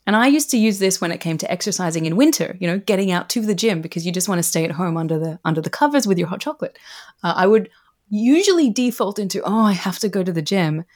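A woman's voice: medium pitch, expressive, quick pace, darkish tone. A woman who is a podcast guest and a researcher, explaining ideas earnestly with frequent "you know"s. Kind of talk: casual conversational interview.

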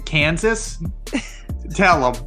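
Bright, upbeat podcast co-host man. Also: a little high, lively intonation, drawn-out words, soft background music. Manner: upbeat, chatty sign-off delivery. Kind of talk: casual chat.

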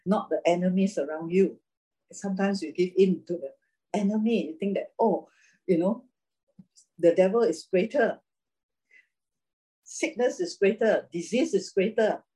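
A woman preaching a sermon, reading scripture and then talking about it in an animated way, laughing often. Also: lowish voice, slightly rough, rough recording.

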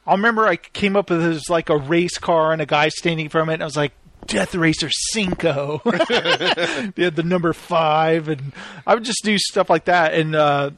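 A man's voice: a little high, normal speed. A man telling stories in a casual chat, laughing often as he goes. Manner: laughs often, animated retelling.

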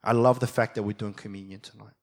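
A young adult man preaching a sermon as a pastor, moving from quiet reflection to fired-up passion. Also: on the low side, fairly even intonation, quick pace.

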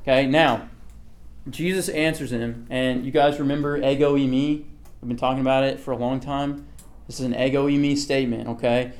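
A man's voice: medium pitch, fairly even intonation, moderate pace, a little mellow. A man leading a casual Bible study, talking through a passage in a conversational way, often checking in with "okay" and asking the group questions.

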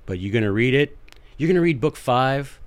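A man's voice: mid-range voice, lively intonation, normal speed. A man giving impassioned, folksy political commentary as a podcast host, repeating his points for emphasis.

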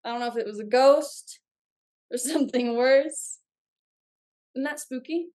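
A young woman guest on a podcast, telling a story in an animated, chatty way with lots of fillers. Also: high-pitched, a little slow. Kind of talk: casual storytelling.

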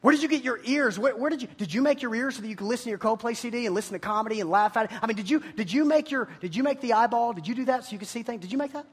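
A youth pastor with a high, husky-edged voice delivers an energetic sermon to a room of students with a live audience, speaking very fast with hardly any pauses. He's animated, joking and teasing, and he often slips into mocking voices to mimic the doubters he argues against.

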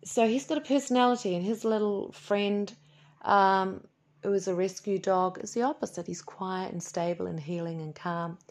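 A woman's voice: mid-range voice, moderate pace. A woman hosting a podcast in a chatty, playful way, a little sniffly. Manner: chatty and playful, with asides and laughs. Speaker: podcast host and animal healer. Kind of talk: casual solo podcast chat.

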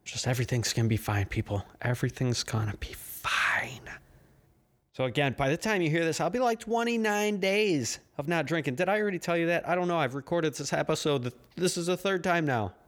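A man's voice: a little high, lively intonation, fast, few pauses. Rambling, sarcastic male podcast host. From United States. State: caffeinated. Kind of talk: solo podcast monologue.

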